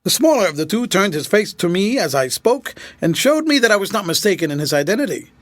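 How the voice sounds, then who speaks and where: A man narrates a classic mystery novel with a higher, lively voice that rises and falls a great deal. The read is close and dry, with no room echo at all. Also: fast talker. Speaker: audiobook narrator.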